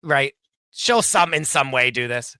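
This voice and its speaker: A man's voice: medium pitch, unhurried, no echo, studio quality. A man talking as a podcast guest in casual chat, blunt and profane, telling stories with lots of energy. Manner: blunt, profane, animated storyteller.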